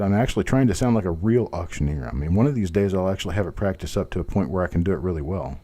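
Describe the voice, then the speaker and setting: Man, auction host, low voice, warm tone, chatty bid calls, self-deprecating asides. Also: lively intonation, rapid-fire, few pauses, husky. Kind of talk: live online auction calling.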